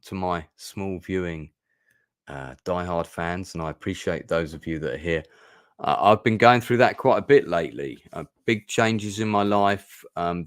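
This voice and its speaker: A man with a fairly low voice hosts a casual film review stream. He rambles and hesitates, filling gaps with ums and uhs, and drifts into emotional asides. The sound is dry and close, with no room echo. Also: smooth. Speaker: host.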